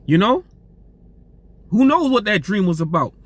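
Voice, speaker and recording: A man's voice: high-pitched, big pitch swings, unhurried. A man preaching informally and reading scripture aloud, in a loose, profane street-talk manner, tagging phrases with "man" and restarting words, his voice getting strained.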